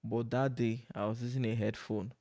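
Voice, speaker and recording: A man's voice: medium pitch, fairly even intonation, normal speed, warm tone. A man chatting casually to camera from home at night, rambling and breaking off to laugh at himself. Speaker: vlogger. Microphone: desk microphone.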